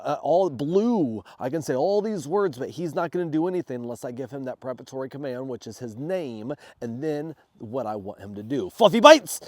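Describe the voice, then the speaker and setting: A man who is sick and under the weather, explaining dog training in a casual vlog and snapping out loud commands to his dog. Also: medium pitch, no room sound. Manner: loud sharp commands between relaxed explanations. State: sick, congested. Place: outdoors in a backyard.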